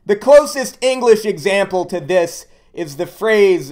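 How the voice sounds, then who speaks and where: A man with a notably high speaking voice delivers blunt, sarcastic commentary in a ranting video. He talks bluntly and mocks as he goes. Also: animated, measured pace, hardly any pauses, darkish tone. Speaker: YouTube commentator.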